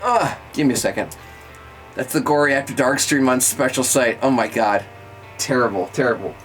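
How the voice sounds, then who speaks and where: A man's voice: mid-range voice, normal speed, fairly bright tone, soft background music, low-quality recording. A young man streaming live, chatting playfully with viewers and counting out workout reps. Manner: playful, joking with chat, counting out exercise reps. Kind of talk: casual live-stream chat.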